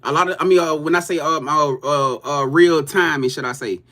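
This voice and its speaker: A man's voice: on the high side, steady tone, a little fast, bright, forceful tone. A man reading tarot on a livestream, talking loose and profane straight to his viewers. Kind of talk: casual livestream chat.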